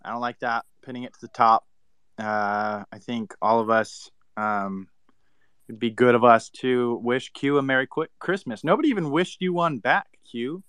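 Male co-host, bright and smooth, dry sarcastic teasing. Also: mid-range voice, normal speed, no room sound. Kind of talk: casual chat.

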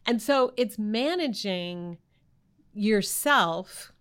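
A woman's voice: mid-range voice, expressive, extremely slow, a bit bright, smooth. A woman co-hosting a podcast, speaking in a thoughtful, reflective way. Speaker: co-host. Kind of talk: podcast conversation.

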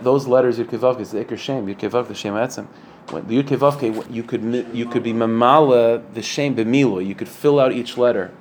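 A man teaches a Torah class in an earnest, explanatory way, asking rhetorical questions and filling pauses with frequent fillers. His voice sits at a middle pitch. A faint hiss of noise runs underneath. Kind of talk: Torah lecture.

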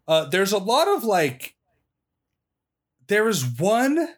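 A young man with a fairly high voice co-hosts a casual podcast. He rambles from one story to the next, laughs a lot, and swears freely. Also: wildly swooping pitch, takes it slowly. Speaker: podcast co-host. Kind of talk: casual chat.

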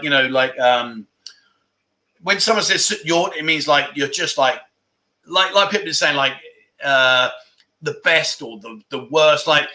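A man hosts a casual livestream from a room at home, reading viewer comments and laughing along. His voice is bright and forceful, sitting a little high for a man. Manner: laughs often, jokey banter with chat. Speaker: livestream host.

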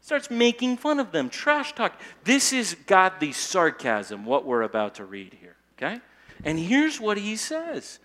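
A male pastor giving an animated, conversational sermon, often tagging his points with "okay?". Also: sits high, a little slow.

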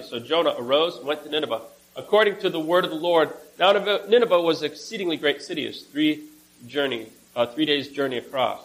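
A man's voice: medium pitch, brisk, fairly bright tone, rough recording. A man preaching, reading a scripture passage aloud with casual asides and small self-corrections.

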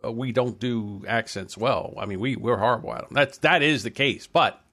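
A man's voice: medium pitch, normal speed, a bit bright. A man co-hosting a podcast in casual banter, blunt and swearing freely. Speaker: podcast co-host.

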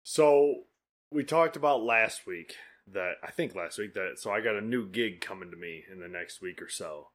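A man co-hosting a casual podcast, telling stories in an animated way and swearing freely. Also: lowish voice, moderate pace. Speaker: podcast co-host. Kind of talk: casual chat.

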